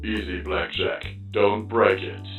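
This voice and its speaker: A man voices a battered flying robot, sounding wry and matter-of-fact in a steady tone at a slow pace. The audio is low, dull and staticky, like a cheap mechanical speaker in a roomy space. Plucked guitar music plays clearly in the background.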